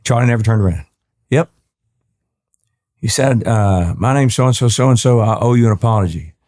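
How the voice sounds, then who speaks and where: A country singer from East Texas, appearing as a guest in a storytelling interview, speaks in a mid-range, darkish voice at normal speed. He tells long, rambling anecdotes with many restarts, acting out the people he quotes.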